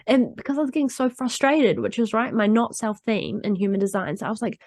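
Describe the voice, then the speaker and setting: A woman's voice: on the high side, normal speed, a little mellow, no echo. Woman podcast host, candid chatty monologue with frequent laughs, dry close sound. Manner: chatty and candid, laughing often, acts out quotes.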